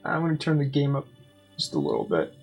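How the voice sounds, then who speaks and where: A woman's voice: a bass voice, quick pace, gravelly, soft background music. A woman streamer chatting casually and playfully while playing a game. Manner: giggly, playful, expressive. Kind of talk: casual gameplay chat.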